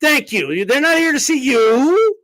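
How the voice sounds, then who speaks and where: A man with a strikingly high voice rants about boxing on a livestream, brash and profane. His pitch leaps up and down as he mocks commenters in his casual style. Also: big pitch swings, normal speed, a bit bright. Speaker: boxing channel host. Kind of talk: animated livestream rant.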